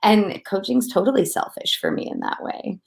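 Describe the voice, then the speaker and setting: A woman co-hosting a casual chat, talking in an animated, rambling way and often laughing. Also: medium pitch, normal speed, gravelly. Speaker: co-host.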